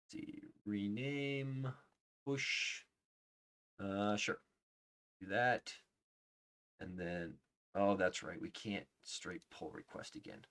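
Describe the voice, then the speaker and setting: A man live-streaming his coding, reading out names as he checks them and thinking aloud, often trailing off into quiet murmurs. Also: on the low side, slow pace, long pauses, clean tone. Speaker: livestreaming software developer. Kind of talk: casual live-coding commentary.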